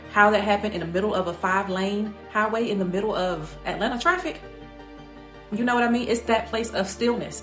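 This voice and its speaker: Woman, chatty earnest vlog storytelling, lots of "you know", talks fast. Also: mid-range voice. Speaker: vlogger. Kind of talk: personal storytelling monologue. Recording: echoey room with faint music.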